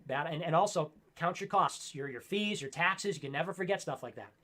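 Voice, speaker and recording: A man in his twenties co-hosting a casual late-night stream, ranting and animated, mocking people with put-on voices. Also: a little high, fairly quick. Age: 20s. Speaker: co-host.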